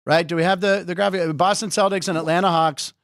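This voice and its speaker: A man hosting a casual sports talk show, joking and bantering with quick stammered restarts. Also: high voice, fairly even intonation, fairly bright tone, no echo, clean studio sound. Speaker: host.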